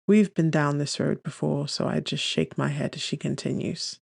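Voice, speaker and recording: A man narrating a first-person romance audiobook in a gentle, unhurried storytelling manner on a close studio mic. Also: a little high, fairly even intonation, vocal fry, dry recording.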